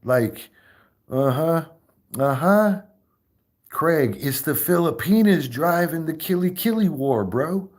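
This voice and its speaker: A man hosting a casual livestream chat, profane and animated, breaking into laughter often. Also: on the high side, slow. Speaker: streamer host.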